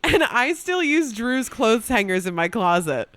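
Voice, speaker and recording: Lively, expressive woman podcast co-host. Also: a little high, a little slow. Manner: excitable and expressive. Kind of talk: casual podcast chat.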